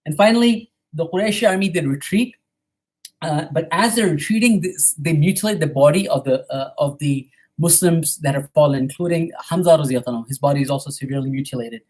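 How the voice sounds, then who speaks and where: A man giving a storytelling history lecture at a mosque, retelling events quickly and often checking in with "right?". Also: a little high, darkish tone.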